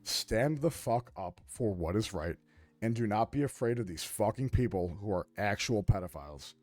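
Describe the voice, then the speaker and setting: A man's voice: fairly low pitch, animated, moderate pace, darkish tone. A man co-hosting a reaction stream, speaking in emphatic, indignant commentary as if lecturing.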